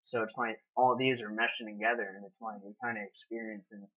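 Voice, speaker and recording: Easygoing male co-host, husky and bright, lo-fi audio. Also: on the low side, little pitch movement. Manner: easygoing, agrees a lot, drawn-out phrasing. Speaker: podcast co-host. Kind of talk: casual chat about films. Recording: dull lo-fi sound.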